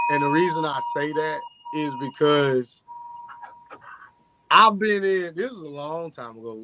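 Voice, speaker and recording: A man co-hosting a casual chat show, tired and talking in a low-key monotone. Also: a little hiss or hum. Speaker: podcast co-host.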